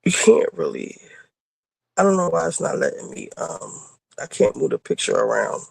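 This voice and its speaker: Speaking at a moderate pace, a chat show co-host has a low, gravelly, slightly rough voice with a darkish tone and big pitch swings, captured in a dry recording. She tells a rambling, casual story full of fillers and curse words on a clip-on mic while moving around indoors, then heading out.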